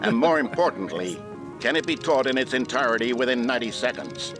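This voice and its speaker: A man's voice: medium pitch, a little fast, lightly acted. An actor playing an upbeat, earnest male announcer in an instructional film within a video game. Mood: cheerful. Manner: upbeat, earnest, mock-educational. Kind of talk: scripted narration. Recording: narration over clear music.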